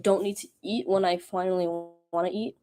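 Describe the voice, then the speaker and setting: A woman's voice: medium pitch, steady tone, a little fast, mellow. A young woman, a college student, rambling casually on her study stream with self-mocking asides. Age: young adult.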